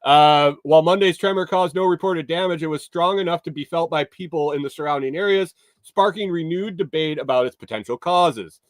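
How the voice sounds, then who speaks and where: A man's voice: fairly high pitch, brisk, few pauses, no echo. A man hosting a morning livestream, reading news stories aloud and breaking off into sarcastic, rambling asides with some swearing. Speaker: livestream morning show host. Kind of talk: casual news commentary.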